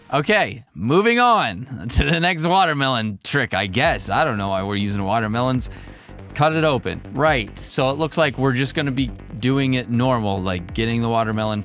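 A man with a medium-pitched, fairly bright voice offers casual commentary on a reaction video. Bemused, he rambles off into asides and keeps questioning what he's seeing.

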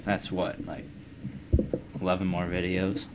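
Young male let's-player, very low voice, loose and profane, noisy recording. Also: little pitch movement, unhurried. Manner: rambling, profane, musing aloud. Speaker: let's play gamer. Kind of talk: casual gameplay commentary. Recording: loud background noise.

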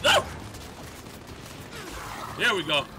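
Loud trash-talking man gaming. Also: high-pitched, drawn-out words, noisy background. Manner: loud, excitable, profane trash talk with slang. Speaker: gamer. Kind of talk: live gameplay commentary. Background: game music and gunfire.

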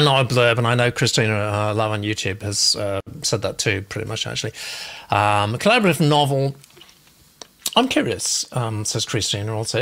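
Gravelly male host reading chat comments. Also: medium pitch, fairly bright tone. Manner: chatty, reads comments aloud with asides. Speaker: host, literary agent. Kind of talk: live show chat, reading out viewer comments.

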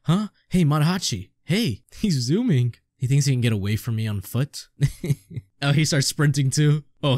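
Man reacting loudly to a comic, dark-toned. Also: medium pitch, animated, normal speed, no echo, studio quality. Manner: swearing, laughing asides. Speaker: manga reader. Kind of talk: casual reaction reading.

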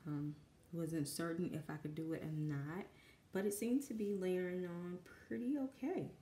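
A woman's voice: on the low side, normal speed, dark tone. A young woman with a Southern accent and a dry voice, nervously rambling as she talks through a painting at home. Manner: rambling, self-conscious, many fillers. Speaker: artist and mother. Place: home room with kids in the background. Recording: echoey room.

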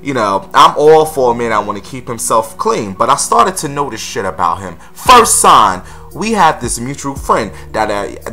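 A man's voice: medium pitch, pushed and bright. A man hosting a casual gossip vlog, sassy and blunt, calling his viewers honey and girl.

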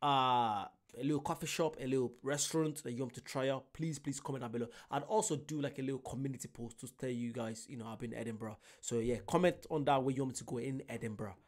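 A man's voice: mid-range voice, quick pace, few pauses. An exhausted man giving casual reaction commentary as host, rambling and pleading with viewers.

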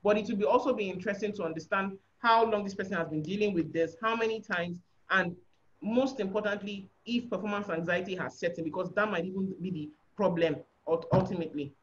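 A woman's voice: medium pitch, fairly quick. A woman giving a frank, explanatory sexual health talk on a webinar, often checking that listeners understand. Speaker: guest speaker on sexual health. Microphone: video call. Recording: dull lo-fi webinar audio.

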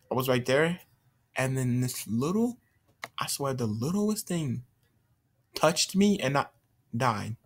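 A man talks over his gameplay in a casual, meandering way, picking sentences up and dropping them halfway. He mutters and swears at opponents between asides to viewers. His voice sits at an ordinary middle pitch, caught on a simple computer mic. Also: a bit bright. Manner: rambling, stop-start, mutters and swears at the game. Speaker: gameplay commentator. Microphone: computer mic while screen recording.

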